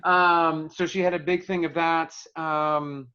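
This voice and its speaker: A man who is a podcast guest, talking casually and hesitantly, often pausing to search for words. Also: fairly high pitch, flat delivery, pushed and bright, clean tone. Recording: dull lo-fi sound.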